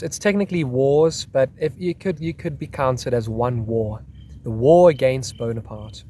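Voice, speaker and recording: A man's voice: mid-range voice, a little mellow, slight background noise. A man hosting a history video, talking casually and reading out a soldier's account. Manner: chatty, repeating "crazy, hey?".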